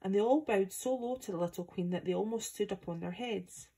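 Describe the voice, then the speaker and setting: A woman from Scotland reading a chapter of a children's book aloud, in steady, plain storytelling. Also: mid-range voice, a little fast, husky. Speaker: volunteer reader.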